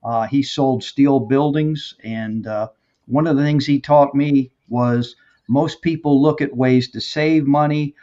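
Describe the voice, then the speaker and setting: A man hosting an interview, sharing his view in a reflective, measured way. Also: mid-range voice, steady tone, dark tone. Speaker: interview host. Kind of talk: casual interview talk. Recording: dull, lo-fi audio.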